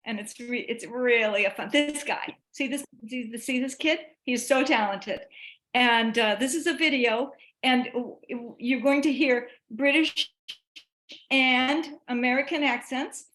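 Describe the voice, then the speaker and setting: Chatty high-voiced woman lecturing. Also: a little slow, reverberant. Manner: chatty, animated, restarts often. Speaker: presenter. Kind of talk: online lecture to teachers.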